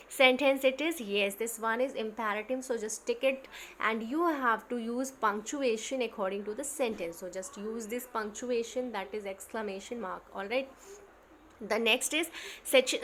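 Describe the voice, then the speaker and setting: Una profesora con acento inglés de la India da una clase de gramática en línea sobre diapositivas y explica despacio, con muchas muletillas y frases reiniciadas. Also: female voice, on the high side, a bit bright, a little hiss or hum. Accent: Indian English. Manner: explains slowly with many fillers and restarts. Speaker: teacher. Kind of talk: online grammar lesson over slides.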